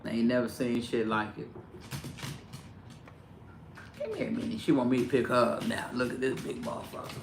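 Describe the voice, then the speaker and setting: A man vlogging in casual chat at home, animated and profane, with sudden loud outbursts. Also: medium pitch, quick pace, creaky, roomy sound, background noise. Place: home indoors with pets.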